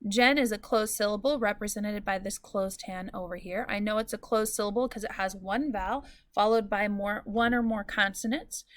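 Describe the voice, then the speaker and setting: Clear and patient, this woman teaches a recorded lesson, drawing out the example words as she explains. She speaks in a mid-range voice at a moderate pace, with hardly any pauses.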